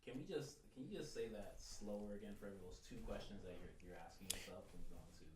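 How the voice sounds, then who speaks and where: A man hosting a podcast, chatting casually and asking relaxed follow-up questions. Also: fairly low pitch, fast talker, breathy edge. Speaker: podcast host.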